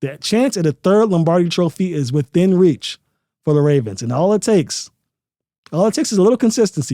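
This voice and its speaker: A man's voice: on the high side, dark tone, no room sound, studio quality. A man hosting a sports podcast, giving casual commentary and repeating phrases to drive his points home. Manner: emphatic, repeats phrases for stress. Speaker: podcast host.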